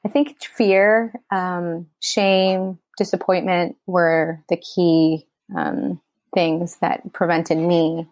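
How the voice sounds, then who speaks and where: Candid woman from Queens, low voice. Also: level tone, very slow, a little mellow, no echo. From Queens, New York. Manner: candid, emotional, thick with "like" and "you know". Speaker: writer-director guest. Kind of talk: personal storytelling interview.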